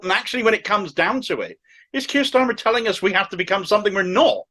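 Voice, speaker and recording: A man's voice: high-pitched, bright, forceful tone. A middle-aged man from Cornwall with a thick Cornish accent, giving sardonic, opinionated political commentary to camera. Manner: sardonic, mocking asides.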